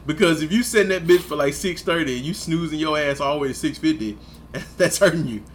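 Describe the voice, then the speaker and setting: A man's voice: a little high, fairly quick. Young man laughing through blunt advice. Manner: laughs often, swears freely, gives blunt advice. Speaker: podcast co-host. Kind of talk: casual chat.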